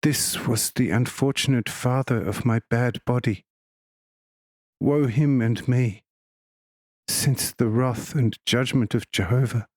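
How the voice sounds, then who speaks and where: Guy reading as sad lisping monkey spirit, slow mournful words, dry close sound. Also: mid-range voice, a little mellow, no echo. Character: grieving ape-like soul speaking with a lisp.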